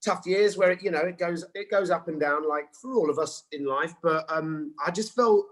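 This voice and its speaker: Speaking at normal speed in a voice on the high side, this English actor in his forties is an animated storyteller who acts out quotes. He's a guest in a casual interview, captured on a low-quality recording.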